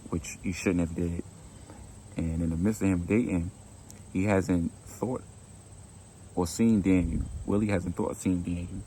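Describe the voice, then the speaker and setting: A man telling a story in a laid-back, conversational way, with a gravelly voice. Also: low-pitched, mellow, a little hiss or hum. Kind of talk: casual storytime narration.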